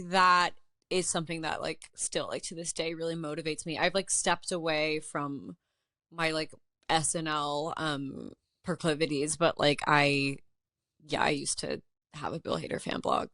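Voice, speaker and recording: A woman's voice: deep voice, measured pace, dry recording, studio quality. A young woman, an artist and writer, guest in a casual interview, telling a story animatedly with lots of "like" and acted-out quotes. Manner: animated, heavy use of "like", acts out quotes.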